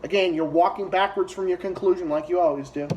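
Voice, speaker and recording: A man's voice: sits high, fairly even intonation, fast, a little mellow, highs cut off, slight background noise. A man heckling video clips in a profane, sarcastic rant as a political commentary YouTuber. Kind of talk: ranting reaction commentary.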